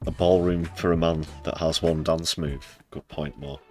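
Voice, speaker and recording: A man's voice: rumbling low, fairly even intonation, moderate pace, darkish tone, soft background music. A British man hosting a live news stream, dry and sarcastic, sometimes putting on mock emotion. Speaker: livestream news host. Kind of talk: casual live news commentary.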